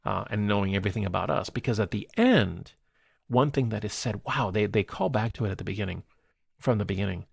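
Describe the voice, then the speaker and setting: A man with a low, gravelly voice talks through a film review in casual podcast chat. He relives scenes with animated energy and laughs easily. The sound is dry and close to the mic. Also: brisk, no room sound. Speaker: podcast co-host.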